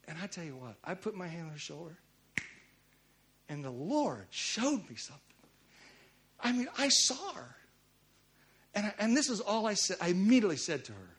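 A middle-aged man preaches by telling a personal story in a conversational tone, moving between loud urgency and hushed intensity. His voice runs high with wide swings in pitch, at a moderate pace.

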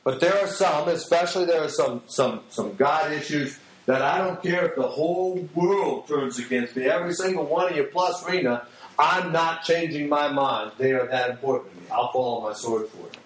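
A man's voice: on the high side, moderate pace. Folksy man preaching in an echoey hall. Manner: folksy, blunt and storytelling. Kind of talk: sermon with personal stories. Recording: echoey, distant hall mic.

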